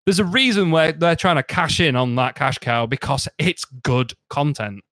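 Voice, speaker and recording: A man's voice: fairly high pitch, moderate pace, fairly bright tone, no room sound. A man chatting casually as a podcast co-host, enthusiastic and persuasive, lecturing his friend. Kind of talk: casual chat.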